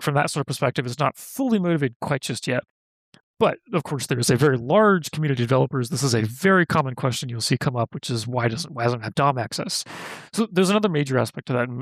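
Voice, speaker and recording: A man, a guest software engineer, explaining a technical topic in a conversational way, often saying "like" and correcting himself mid-sentence. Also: fairly high pitch, dry recording. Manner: thinks aloud, lots of "like" and self-corrections.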